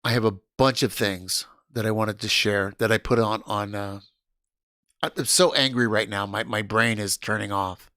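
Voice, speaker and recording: A man hosting a casual livestream, loud and excitable, swearing and laughing often. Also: on the low side, moderate pace, no echo, clean studio sound. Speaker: livestream host.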